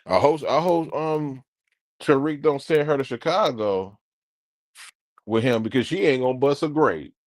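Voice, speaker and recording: A man streaming, ranting casually to his live chat in an animated, profane way. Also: mid-range voice, measured pace, no echo, studio quality.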